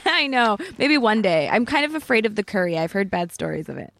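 A woman's voice: mid-range voice, big pitch swings, brisk, vocal fry, a bit bright, dry recording. Giggly, chatty woman guest. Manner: giggly, chatty, self-deprecating. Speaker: singer, guest. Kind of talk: casual chat.

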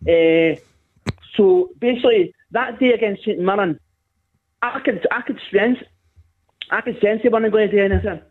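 A man's voice: sits high, moderate pace, pauses often. A Scottish man calling a radio phone-in, grumbling and tagging "right?" onto his sentences. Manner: grumbling, repeats "right?" often. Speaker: caller. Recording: tinny phone line.

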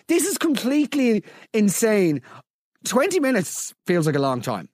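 A man hosting a comedy podcast, reading out listener stories with incredulous, animated energy. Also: sits high, moderate pace, no echo, clean studio sound. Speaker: podcast host.

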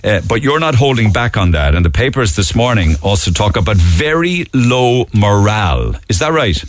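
A man's voice: fairly low pitch, sing-song, moderate pace. A man from Cork with a Cork Irish accent, hosting morning radio in a chatty, musing way as he goes through the papers. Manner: chatty, musing, reads out newspaper items. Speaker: radio show host. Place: radio studio.

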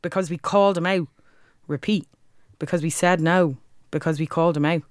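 A woman with a Dublin accent performs a rhythmic spoken-word poem with forceful, crude language. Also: sits low, steady tone, brisk, no echo, studio quality. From Ireland. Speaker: guest, spoken word artist.

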